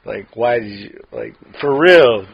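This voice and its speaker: Man, podcast co-host, gravelly voice, halting, lots of fillers, dull lo-fi sound. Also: medium pitch, expressive, a crowd in the background. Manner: halting, many fillers and restarts. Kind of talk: casual chat.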